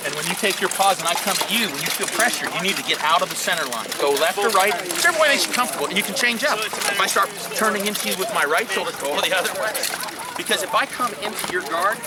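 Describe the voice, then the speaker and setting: A man with a fairly high voice runs an outdoor fighting class, calling out cues and breaking into asides as he coaches pairs through drills. He is recorded by a camera some distance away, with clear outdoor noise around him. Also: animated, fast. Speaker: combat instructor. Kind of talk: teaching a hands-on fighting class.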